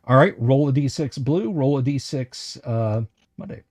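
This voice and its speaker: A man running a tabletop game livestream as game master, slowly describing what the players find, with lots of hesitant fillers and restarts. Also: mid-range voice, animated, darkish tone, no echo. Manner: describes items slowly and carefully.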